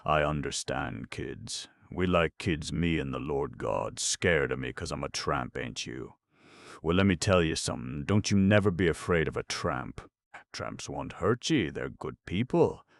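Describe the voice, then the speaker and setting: Man doing a gravelly raving old tramp preacher. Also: extremely low pitch, expressive, unhurried, no room sound, full character voice. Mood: coaxing. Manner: sing-song, mumbling then shouting. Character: rambling old male tramp preacher, half-mad.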